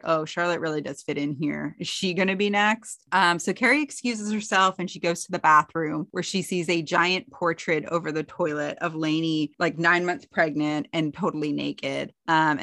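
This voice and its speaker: Female podcast co-host, casual recap, lowish pitch, pops up higher for quoted lines, dry booth. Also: sharp tone, no room sound. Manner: chatty retelling, acting out quotes in a higher voice.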